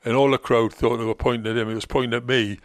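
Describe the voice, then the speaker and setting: A man's voice: medium pitch, little pitch movement, fast talker, dry recording. An older man, a former football manager, telling rambling stories in conversation and acting out other people's lines. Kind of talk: anecdotal storytelling in conversation.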